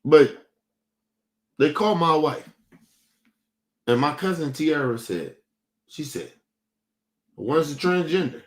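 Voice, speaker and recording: A young man holds forth on his stream in a heated, profane rant. He circles back and repeats his points, and his voice sits a little higher than most men's. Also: expressive, takes it slowly, long pauses. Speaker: streaming show host. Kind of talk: casual rant to a stream audience.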